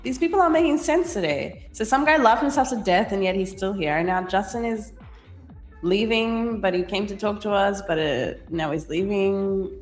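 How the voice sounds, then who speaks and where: A woman's voice: medium pitch, animated, moderate pace, echoey room, faint music behind. A woman with an Australian accent co-hosting a live stream, chatting casually, laughing often and reading the chat aloud. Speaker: livestream co-host.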